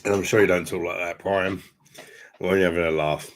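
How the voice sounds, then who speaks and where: A slightly tipsy man with a low, fairly even voice talks a little fast, rambling casually through a beer live stream at home. He's matey and swears freely, speaking from a home room fitted with sound panels.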